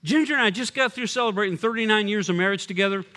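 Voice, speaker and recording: An older man, a pastor preaching a sermon, swinging between loud punchy lines and quiet low drops. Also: very fast, very noisy.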